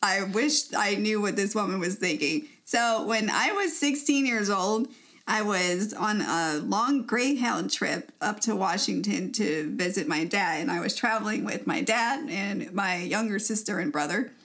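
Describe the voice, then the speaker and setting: A woman's voice: mid-range voice, a little slow, a bit bright. A young woman co-hosting a podcast, telling a story in casual chat with lots of laughs and fillers. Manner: chatty, laughs often, many fillers. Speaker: podcast co-host.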